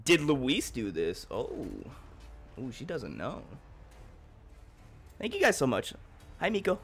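A young man livestreaming a game in casual chat, excitable and joking as he thanks his chat. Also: mid-range voice, slow, soft background music.

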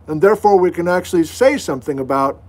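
Here the middle-aged geology teacher talks fast, his high voice lively in intonation and a little mellow. He's answering viewers during a casual home livestream, sprinkling in folksy, self-deprecating remarks.

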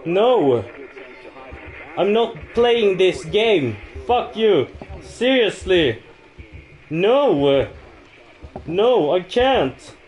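A man's voice: drawn-out words, long pauses. A man livestreaming a horror game, reacting in frightened, swearing outbursts and nervous laughs. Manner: lively, dramatic pitch swings between yelps and mutters. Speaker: livestream gamer.

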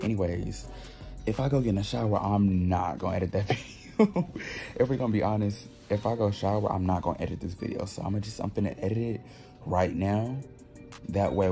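A young man who works as a grocery cashier, vlogging casually on his phone. He talks in a chatty, sassy way, cusses freely, jumps into loud, high squeals, and sounds worn out. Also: gravelly. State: tired. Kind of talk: casual first vlog to camera. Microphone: phone camera held in hand.

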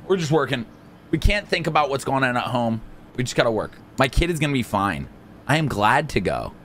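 A man hosting a let's play, joking and excitable, swinging from mumbles to shouts. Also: mid-range voice, a little hiss or hum. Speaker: gaming channel host.

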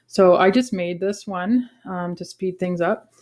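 A woman in her forties with a lowish voice explains a lesson to her students. She talks casually, pausing on ums and correcting herself as she goes. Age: 40s. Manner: relaxed, many ums and self-corrections. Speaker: teacher.

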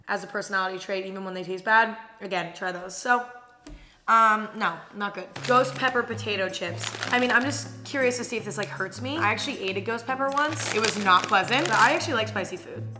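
A woman's voice: medium pitch, brisk. A young woman in a casual taste-test vlog, blunt and candid, swearing now and then. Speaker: vlogger. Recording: faint music underneath.

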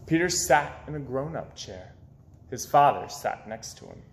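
A man reading children's picture books aloud in an expressive storytelling voice. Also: medium pitch, a little slow, reverberant. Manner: expressive, with swoops up and down. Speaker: children's book reader.

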